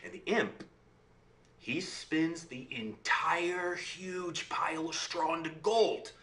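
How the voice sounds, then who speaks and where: A man telling a fairy tale aloud in an animated way, often checking in with his listener. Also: fairly high pitch, slow. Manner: animated, checks in with "right?" and "okay?". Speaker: storyteller. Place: room on a video call. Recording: roomy room sound.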